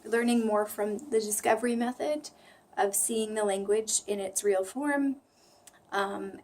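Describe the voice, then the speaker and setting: A woman with a flat General American accent, rambling chattily to camera in a self-deprecating way and sometimes dropping into a whisper. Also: medium pitch. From United States. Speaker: language-learning vlogger. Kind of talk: casual talk to camera.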